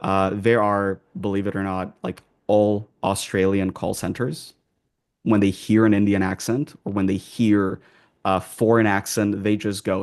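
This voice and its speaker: A man with an American accent speaks in a very low voice with a gravelly edge. As an accent coach being interviewed, he explains his points casually, with plenty of fillers and false starts. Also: little pitch movement, a little slow, a little mellow. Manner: loose and conversational, many fillers and restarts.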